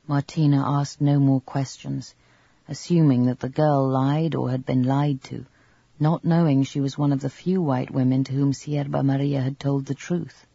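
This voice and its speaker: A man reading a novel aloud in measured, even scripted narration. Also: medium pitch, creaky, slightly rough, no echo. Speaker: audiobook narrator. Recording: dull lo-fi recording.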